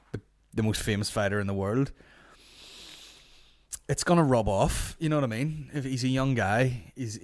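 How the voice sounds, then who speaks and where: Sweary low-voiced Northern Irish man. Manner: sweary, rambling banter. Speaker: podcast host. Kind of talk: casual chat.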